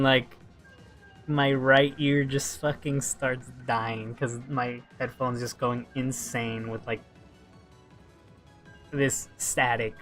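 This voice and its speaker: A man's voice: medium pitch, sharp tone. A young man chatting casually while he plays a game, telling a rambling story and swearing freely into a headset mic. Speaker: gaming streamer. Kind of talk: casual chat while playing.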